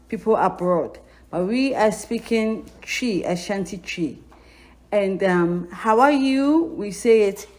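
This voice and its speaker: A woman with a Ghanaian accent teaching a language lesson, patiently repeating phrases for learners to say back. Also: medium pitch. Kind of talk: language lesson, drilling pronunciation.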